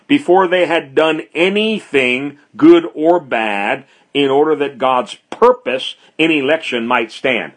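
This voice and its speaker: A man preaching an expository sermon, speaking deliberately and driving his points home through emphatic repetition. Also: a little high.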